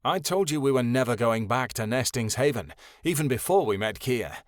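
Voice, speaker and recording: A man voicing a defiant, hot-tempered young man who argues and yells nastily. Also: medium pitch, lively intonation, moderate pace, dry recording, clean studio sound, close to an everyday voice. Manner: defiant, nasty, yelling.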